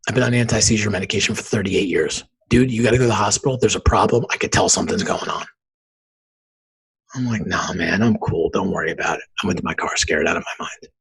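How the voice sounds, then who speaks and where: A man in his forties tells a personal story as a podcast guest. His voice is husky and raspy and pitched low. He acts out the dialogue as he goes. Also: fast, hardly any pauses, poor audio. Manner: animated storyteller acting out quoted dialogue. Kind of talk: storytelling in an interview.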